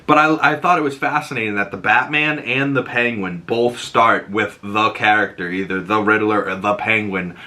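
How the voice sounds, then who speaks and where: Bright-voiced man recapping a show. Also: fairly low pitch, moderate pace, hardly any pauses. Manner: rambling, profane, excitable. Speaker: podcast host. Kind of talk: casual episode recap and reaction.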